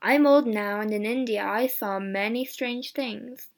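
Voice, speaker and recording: A woman reading the part of a grave old male soldier who warns the others, in a slow, earnest storybook voice. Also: fairly high pitch. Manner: earnest, cautionary.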